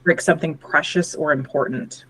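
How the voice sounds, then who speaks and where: A player calmly stating a spell in a tabletop game. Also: medium pitch, moderate pace, rough recording. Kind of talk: casual tabletop play.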